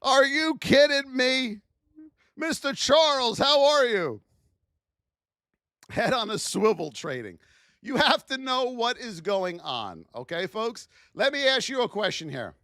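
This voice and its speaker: A man hosting a live trading lesson, firing rhetorical questions at his chat in a high-energy, hype-driven way. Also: very animated, slow, sharp tone, dry recording, clean studio sound. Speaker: trading educator hosting a livestream.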